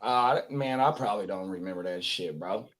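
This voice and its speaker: A man's voice: sits low, normal speed, fairly bright tone. A man co-hosting a podcast, telling a story in laid-back, profane casual chat. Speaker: podcast co-host.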